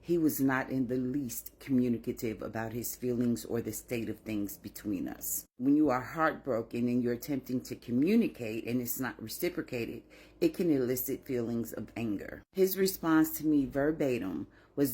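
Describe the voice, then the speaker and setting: A woman with a husky voice tells a personal story. She speaks in a measured and composed way. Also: rumbling low, dark tone.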